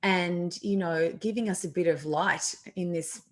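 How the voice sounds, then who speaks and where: A woman's voice: fairly low pitch, steady tone, unhurried. A woman with an Australian accent, co-hosting a radio chat show in a bubbly, effusive way. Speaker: radio co-host.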